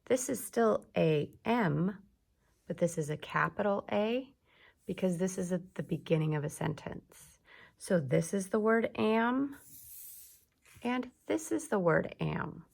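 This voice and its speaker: A woman teaching young children to read, speaking very slowly and clearly. Her voice is gravelly and husky, and a little low. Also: lively intonation, darkish tone. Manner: slow, clear teacher talk with drawn-out words. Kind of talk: early reading lesson for young children.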